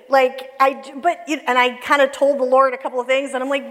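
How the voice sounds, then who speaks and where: A middle-aged woman telling a personal story to a church audience, animated, acting out the voices she quotes and laughing often. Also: sits high, moderate pace, long pauses, slight background noise. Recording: long reverb of a hall.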